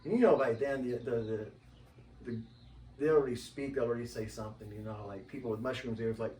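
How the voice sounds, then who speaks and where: A man talking casually as an interview guest, rambling and animated and acting out the voices of people he quotes. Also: mid-range voice, brisk, a little hiss or hum. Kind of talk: casual conversation. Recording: roomy, distant mic, faint ambience.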